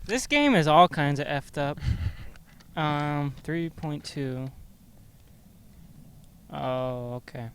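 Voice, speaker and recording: A man's voice: on the high side, expressive, takes it slowly, pauses often, a bit bright, slight background noise. A young man chatting casually outdoors on a rooftop, teasing and swearing easily. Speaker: co-host running the guessing game. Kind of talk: casual banter.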